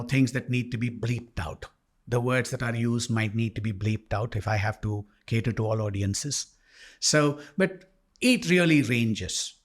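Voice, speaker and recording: A male life coach and podcast host telling a story in a monologue, animatedly acting out both sides of a dialogue. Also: medium pitch.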